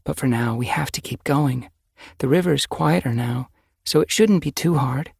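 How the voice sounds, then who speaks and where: A man's voice: mid-range voice, moderate pace, creaky, slightly rough, dry recording, clean studio sound, pitched above the performer's own voice. A man doing a hopeful young she-cat apprentice. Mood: encouraging. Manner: bright, encouraging.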